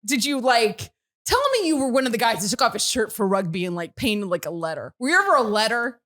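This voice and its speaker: A woman hosting a studio podcast, telling a story with laughter and loud shouted quotes. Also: fairly high pitch, lively intonation, quick pace. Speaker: show host. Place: radio studio.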